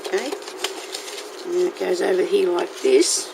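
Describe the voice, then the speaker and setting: A woman's voice: lowish voice, little pitch movement, moderate pace, vocal fry. A woman hosting a casual crafting tutorial, chatting to her viewers and talking to herself as she works. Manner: chatty, talks to herself while working. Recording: noisy home recording.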